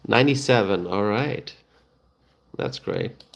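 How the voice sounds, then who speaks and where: A middle-aged man, hosting a casual live stream and chatting to viewers, halting and full of fillers and restarts. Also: lowish voice, vocal fry, a little hiss or hum. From Bangladesh.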